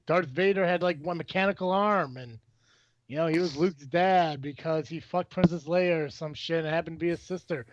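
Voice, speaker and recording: A man's voice: on the high side, a little fast, dry recording. Rambling, profane man hosting a podcast. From Illinois. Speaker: podcast host. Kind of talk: casual chat. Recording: dull, dry, lo-fi sound.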